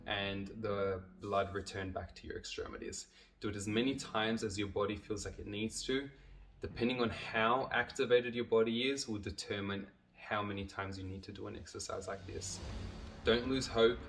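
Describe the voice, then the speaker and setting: 低めの声で穏やかに指導する男性. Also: male voice, lowish voice, distant mic. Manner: calm, steady, talks viewers through each step. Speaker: somatic exercise instructor. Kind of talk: guided exercise instruction to camera. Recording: voice a little off-mic, music behind.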